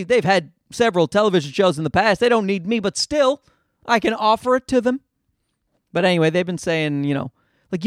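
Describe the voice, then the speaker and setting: A man's voice: high-pitched, no echo, clean studio sound. A comedian in his forties hosting a podcast, ranting with a lot of swearing and mocking the people he quotes. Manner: profane, ranting, mocking voices. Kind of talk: casual podcast monologue.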